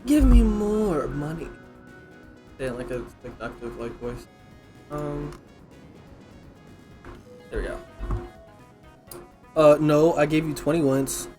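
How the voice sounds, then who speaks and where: A woman streamer giving casual, profane, excitable commentary packed with fillers while she plays. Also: a bass voice, slow, pauses often, faint music behind.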